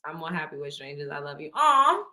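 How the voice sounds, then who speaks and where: A woman's voice: low voice, sing-song, brisk, bright, forceful tone. A young woman hosting a casual live stream, reading comments aloud, laughing often and swearing playfully.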